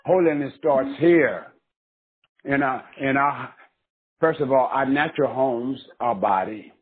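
A man's voice: mid-range voice, measured pace, slightly rough. A man preaching a sermon with passion, rising into cries and chanted repetition. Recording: tinny phone-line sound.

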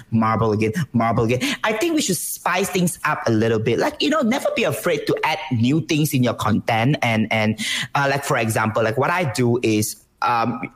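A woman from Malaysia with a Malaysian accent, a streamer chatting casually in an interview, animated and full of restarts. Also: extremely low pitch. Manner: animated, lively delivery with frequent restarts. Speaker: Twitch streamer, guest.

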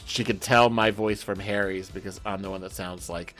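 A man's voice: low-pitched, fairly even intonation, moderate pace, fairly bright tone, soft background music. A man hosting a podcast, chatting casually and laughing, swearing now and then. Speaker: podcast host. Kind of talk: casual chat.

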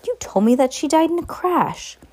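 A woman's voice: high-pitched, lively intonation, normal speed, a little mellow, pitched above the performer's own voice. A woman voicing an eleven-year-old boy asking urgent, startled questions in an amateur audiobook reading.

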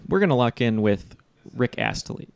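A man's voice: mid-range voice, very animated, moderate pace, vocal fry. A man bantering casually while playing podcast trivia, joking and rambling. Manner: joking, rambling, full of fillers. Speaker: trivia team player.

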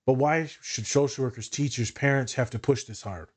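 A male social worker hosts a casual podcast discussion, telling stories candidly and animatedly and swearing freely. His voice is mid-range with a breathy edge, at a moderate pace.

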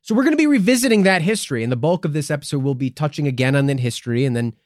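A man's voice: a little high, lively intonation, racing, a little mellow, no room sound, studio quality. A man co-hosting a comedic conspiracy podcast, teasing and mock-dramatic, swearing often. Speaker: podcast co-host.

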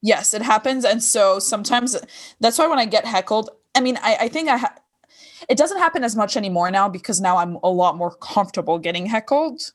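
A woman from Lebanon, a comedian, chatting casually on a podcast with a near-American accent and lively, laugh-filled storytelling. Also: mid-range voice, brisk. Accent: American-sounding English with slight Lebanese tinge. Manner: animated storyteller, laughs often, acts out lines. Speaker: comedian guest.

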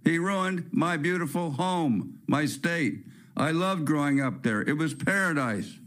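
A man's voice: a little high, a little slow, a bit bright. A man from California hosting a talk-radio show, delivering a blunt, rambling, opinionated rant. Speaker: host. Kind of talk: ranting talk-radio monologue.

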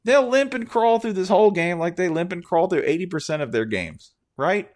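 A man's voice: sits high, lively intonation, fairly quick, a little mellow. A man hosting a sports podcast in a casual, sarcastic, joking manner.

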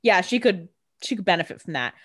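A woman's voice: lowish voice, animated, a little fast, a bit bright, breathy edge. Chatty woman podcast co-host, stammering restarts. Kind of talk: casual TV episode recap chat.

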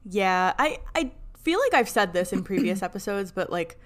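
A woman's voice: medium pitch, big pitch swings, normal speed. A woman co-hosting a podcast, chatting casually and reading out scene recaps in a friendly way. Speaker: podcast co-host. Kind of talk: casual chat and read plot recap.

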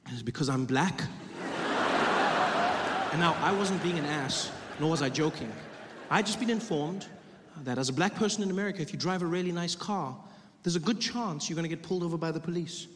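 A man doing stand-up, telling a story animatedly and acting out the people in it with big jumps in pitch. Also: fast, few pauses, a bit bright. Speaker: stand-up comedian. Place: large venue before a live audience. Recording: reverberant hall with audience noise.

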